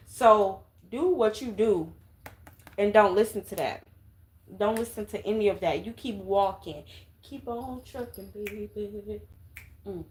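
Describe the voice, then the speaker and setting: A woman's voice: medium pitch, darkish tone. A woman giving a casual tarot reading to viewers, coaxing and emphatic, dotting her talk with "okay?". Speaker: tarot reader.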